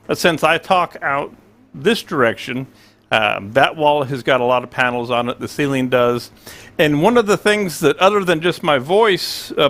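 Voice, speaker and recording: A man in his sixties chats loosely on a livestream from his small home studio, and his voice sits a little high for a man. He rambles through stories and plays out both sides of the conversation himself. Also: a bit bright. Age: 60s. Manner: rambling storyteller, acts out both sides of dialogue. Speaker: livestream host. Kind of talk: casual livestream chat.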